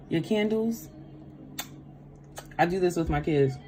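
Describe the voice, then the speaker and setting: A woman hosting a tarot livestream, animated and laughing with viewers, dropping to a soft voice to pray. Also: lowish voice, moderate pace, over music. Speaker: tarot reader and livestream host. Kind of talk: livestream chat with prayer.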